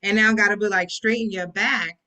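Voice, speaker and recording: A woman's voice: medium pitch, fairly even intonation, a little fast, pushed and bright. A woman hosting a casual podcast discussion, steering the group into a new topic with a reflective, explanatory manner. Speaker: podcast host.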